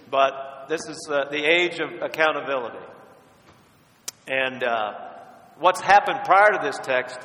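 A man's voice: a little high, sharp tone. A man preaching a sermon as pastor, speaking conversationally and turning straight to his listeners. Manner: conversational, addresses listeners directly. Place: church sanctuary. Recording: echoey church, long reverb.

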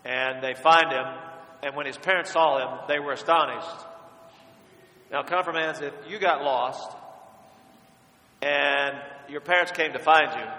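Pastor preaching in an echoey church. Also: male voice, fairly high pitch, sharp tone. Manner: conversational, addresses listeners directly. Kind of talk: sermon. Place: church sanctuary. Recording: echoey church, long reverb.

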